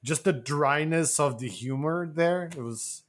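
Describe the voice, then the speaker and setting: A man co-hosting a podcast, talking in a relaxed, rambling way and swearing casually. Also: on the high side, unhurried. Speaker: podcast co-host. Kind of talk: casual chat.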